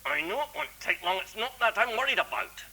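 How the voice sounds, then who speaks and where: A man's voice: high voice, animated, brisk, bright, forceful tone, husky, pitched above the performer's own voice, full character voice, poor audio. A man voicing an earnest, literal-minded nine-year-old boy in a told story. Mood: impatient.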